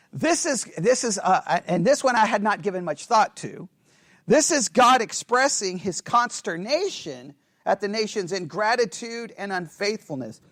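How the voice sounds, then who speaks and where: A man with a very high voice leads a Bible study in a relaxed, conversational way. He throws questions at his class and acts out the lines he quotes. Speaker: Bible teacher.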